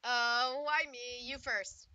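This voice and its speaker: High-voiced scottish-born woman, very bright tone, joking around while drawing. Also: no echo, lo-fi sound. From Scotland. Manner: playful, goofy, quick to joke. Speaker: artist hosting a drawing video. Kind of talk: casual chat while coloring.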